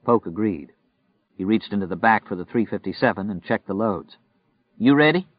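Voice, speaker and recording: A man reading a novel aloud in steady, measured scripted narration. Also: on the low side, no echo. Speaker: audiobook narrator. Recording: dry, muffled recording.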